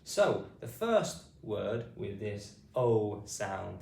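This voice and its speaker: A man's voice: lowish voice, very animated, extremely slow, creaky, darkish tone. A man with a British accent teaching phonics, patiently saying each word and spelling it out letter by letter. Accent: British English. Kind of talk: slow spelled-out pronunciation lesson. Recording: roomy sound, mic at a distance, faint noise behind.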